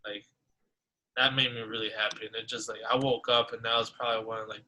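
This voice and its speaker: A man's voice: mid-range voice, little pitch movement, fast, sharp tone, a little hiss or hum, rough recording. A young man co-hosting a casual podcast, telling a personal story in a rambling way with many fillers. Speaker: podcast co-host.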